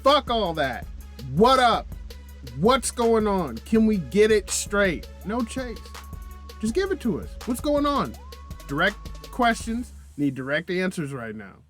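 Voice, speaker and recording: A man's voice: sits high, sing-song, takes it slowly, a bit bright, faint music behind. A man hosting a reaction video, talking in a casual, profane, exasperated way with plenty of slang.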